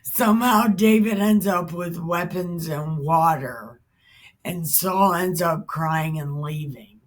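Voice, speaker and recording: A woman's voice: on the low side, slow pace. A woman hosting a casual Bible reading, mixing the text with chatty, profane, slangy asides. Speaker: Bible commentary host.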